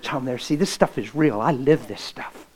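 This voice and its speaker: A man's voice: mid-range voice, normal speed, a little mellow, breathy edge, low-quality recording. A middle-aged male pastor preaching, telling a personal story with feeling and acting out the dialogue, often dropping to a near whisper. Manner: emotional, acts out dialogue, drops to near whisper. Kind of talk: sermon storytelling.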